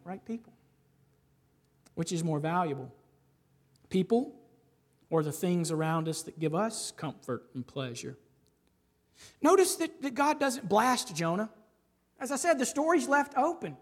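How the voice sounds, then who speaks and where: A man preaching a sermon in a conversational, animated way, often checking in with his listeners and rising to stress points. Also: high-pitched, a little slow, long pauses. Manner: conversational, frequent "right?" asides. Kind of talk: expository sermon.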